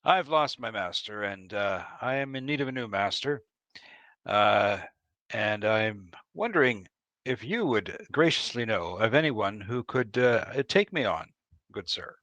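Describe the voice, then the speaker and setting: A man role-plays in a tabletop game, wry and playfully polite. His pitch is middling but moves about a great deal, and he sounds close and dry. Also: animated, a little slow, fairly bright tone, no echo. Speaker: player. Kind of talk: in-character tabletop role-play.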